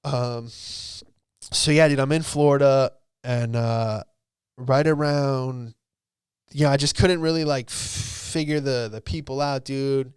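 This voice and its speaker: A man's voice: medium pitch, fairly even intonation, slow, smooth, no echo, studio quality. A man in his late twenties from Virginia, hosting a podcast and telling a story in a loose, casual way, swearing freely and saying "dude" and "like" a lot. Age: late 20s. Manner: laid-back, swears freely, peppered with "dude" and "like". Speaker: podcast host.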